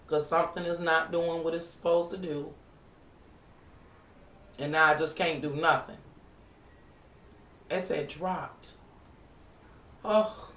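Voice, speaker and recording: Working at an indoor computer, a tarot reader and live streamer thinks aloud during a relaxed stream chat. The voice sits in the mid range, steady and fairly bright, with a slow pace and frequent pauses. Audio comes from a distant mic in a roomy space, with faint music playing.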